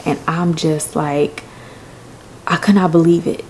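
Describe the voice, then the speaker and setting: A woman's voice: sits low, steady tone, unhurried, darkish tone, slight background noise, poor audio. A woman hosting a podcast, telling a personal story in a candid, emotional way with some swearing. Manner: candid, profane, emotional retelling. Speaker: podcast host.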